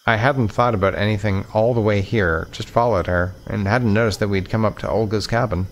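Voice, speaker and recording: A man reading a visual novel aloud in first person. He keeps a measured pace and now and then stumbles over a word and restarts. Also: fairly low pitch, fairly even intonation. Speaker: let's play narrator.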